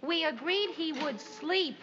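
A woman's voice: high-pitched, slow pace, background noise. An actress playing a young wife and mother in a 1960s sitcom, insistent and wry. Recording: dull 1960s TV soundtrack with laugh track. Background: studio audience laughter.

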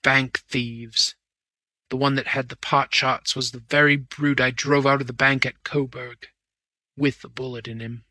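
A man voicing a wounded, exhausted male bank manager who speaks in weak, halting phrases. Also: mid-range voice, little pitch movement, bright, forceful tone, no room sound. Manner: faint, halting, slow phrases. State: weak and breathless.

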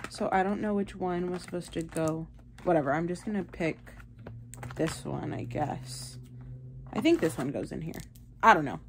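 A woman's voice: fairly low pitch, moderate pace, noisy background. A young woman, chatting playfully to the camera in a casual vlog. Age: young adult. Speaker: vlogger.

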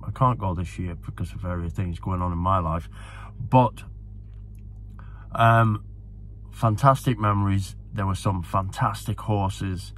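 A man's voice: mid-range voice, fairly bright tone, slightly rough. A man talking casually to camera, enthusiastic and rambling, often repeating himself as a horse racing tipster.

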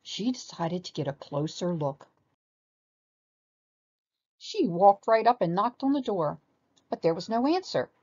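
Expressive woman reading a storybook. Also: medium pitch, unhurried, pauses often, husky, highs cut off. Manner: expressive, animated narration.

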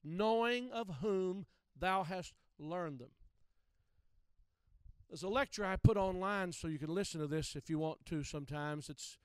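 A man's voice: high-pitched, measured pace, clear, resonant tone, no room sound. A man preaching a teaching sermon to church workers, emphatic and direct, repeating key phrases to drive them home.

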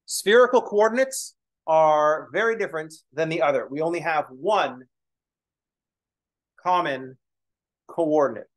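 A man's voice: on the high side, measured pace, long pauses. A man teaching a math lesson in a casual lecture style, explaining as he writes and slipping in joking, self-deprecating asides. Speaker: math instructor.

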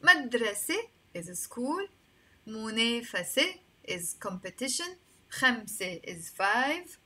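Giving an Arabic language lesson, a Lebanese-accented woman models each word slowly, repeats it, and follows with an English explanation. Her voice is a little high and sharp-toned, picked up by a built-in mic with no dedicated microphone.

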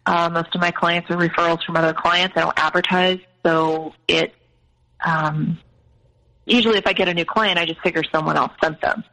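Young woman telling a rough family story, bright voice with gravelly edges, candid and shaken. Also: on the low side, fairly even intonation, moderate pace, poor audio. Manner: candid, upset, quotes others in her own voice. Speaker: guest telling her story. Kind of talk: personal storytelling.

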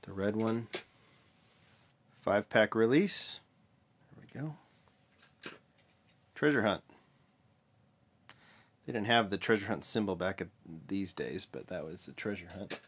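Casting note: male vlog host, lowish voice, relaxed mumbly delivery, stops to correct himself. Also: measured pace, long pauses, breathy edge. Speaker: vlog host, toy car collector. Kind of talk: casual show-and-tell vlog.

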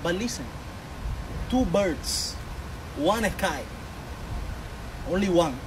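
A man's voice: sits high, expressive, slow, background noise. A man, a comedian teasing a friend in broken English in a skit.

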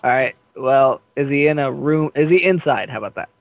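A man's voice: mid-range voice, lively intonation, fairly quick, creaky, phone-quality sound. A young man chatting casually during an online game, dry and coaxing. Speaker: gamer. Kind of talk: casual gaming chat.

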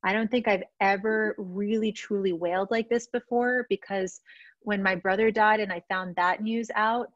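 A middle-aged woman from a Russian-speaking family talks frankly to a group about emotions and self-care. She often restarts her sentences as she speaks. Her voice sits at a middle pitch and sounds close and dry, with dull, lo-fi audio. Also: steady tone, normal speed, no echo. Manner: candid, emotional, frequent restarts. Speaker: positive psychology teacher. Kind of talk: personal teaching talk to a group.

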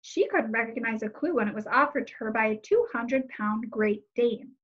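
A woman's voice: on the high side, normal speed. Woman reading a novel aloud. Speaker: reader. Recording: slightly muffled lo-fi recording.

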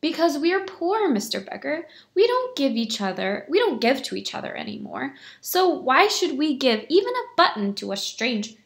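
A woman's voice: high voice, sing-song, moderate pace, creaky, hardly any pauses, voice pushed up, full character voice. A woman voicing a poor, blunt male synagogue caretaker in a storybook, speaking wearily. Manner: blunt, weary.

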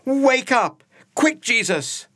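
A man voicing a group of frightened fishermen who shriek for help during a storm in a children's story, reading the lines high and loud. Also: sing-song, slow pace, slightly rough, exaggerated voice. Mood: panicked. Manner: shrieking, panicked.

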